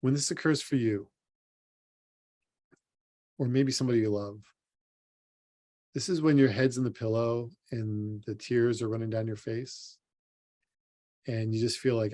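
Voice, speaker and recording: A man's voice: mid-range voice, fairly even intonation, a little slow, pauses often, dark tone. Man, sports psychologist, motivational talk, earnest, direct, talks to you. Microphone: recorded for an online symposium.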